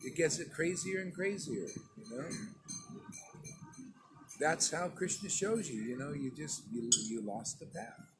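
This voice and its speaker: A man preaching to his followers in a loose, conversational sermon, stern and emphatic. His voice sits a little higher than most men's. A steady hiss of background noise runs under the recording. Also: a little slow, long pauses. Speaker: spiritual teacher. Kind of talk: informal sermon to disciples.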